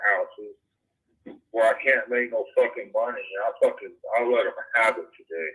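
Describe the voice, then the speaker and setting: A man's voice: lowish voice, fairly even intonation, moderate pace, fairly bright tone, breathy edge. A man on a phone call, preaching, then swearing and ranting with many restarts. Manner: preachy and profane, rambling with restarts. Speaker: caller. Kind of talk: heated phone conversation. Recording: muffled phone-line audio.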